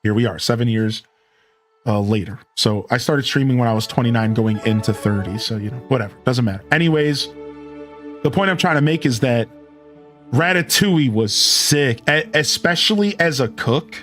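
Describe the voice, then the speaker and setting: A man's voice: mid-range voice, moderate pace, soft background music. A man in his thirties from Ohio with an Ohio accent, chatting casually with viewers as a live streamer, rambling and correcting himself. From Ohio, USA. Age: 30s. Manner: rambling, self-correcting, animated.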